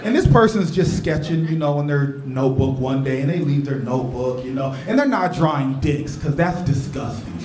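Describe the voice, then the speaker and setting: A man doing stand-up comedy on a club stage, telling his story with lively energy and laughing at his own jokes. His voice sits high, and it echoes around the room from a handheld stage mic. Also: normal speed, few pauses, background noise. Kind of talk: live stand-up set.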